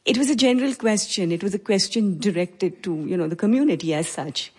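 Indian woman in her forties, breathy voice, personal storyteller with a measured, reflective delivery. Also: medium pitch, lively intonation, a little mellow. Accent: Indian English. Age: 40s.

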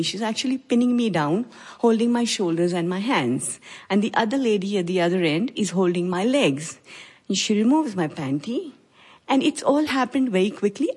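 Indian woman in her forties, breathy voice, personal storyteller with a measured, reflective delivery. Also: medium pitch, a little mellow. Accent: Indian English. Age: 40s.

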